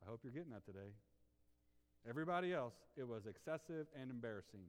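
A man preaching a sermon with passion, swinging from loud outbursts to hushed tones and asking his listeners rhetorical questions. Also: medium pitch, animated, a little fast, long reverb tail. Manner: asks the congregation rhetorical questions. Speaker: pastor.

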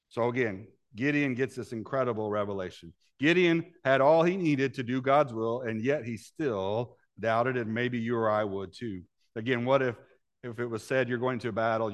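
A man preaching a sermon in a conversational way, often asking his listeners questions and acting out the voices of Bible characters. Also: medium pitch. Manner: conversational, asks the congregation questions.

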